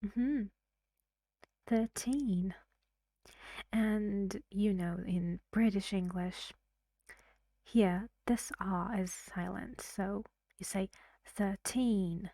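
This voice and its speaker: A woman's voice: medium pitch, extremely slow, long pauses, mellow, no room sound, clean studio sound. A woman who is a native Persian speaker, teaching English pronunciation in a recorded lesson, explaining carefully and often asking the learner questions.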